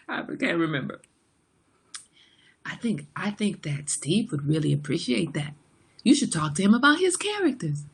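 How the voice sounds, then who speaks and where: A woman's voice: lowish voice, very animated, normal speed, vocal fry, long pauses, husky. A woman in her forties hosting a livestream, chatting frankly and jokingly with viewers and reading out their comments. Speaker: livestream host. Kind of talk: casual chat with live viewers.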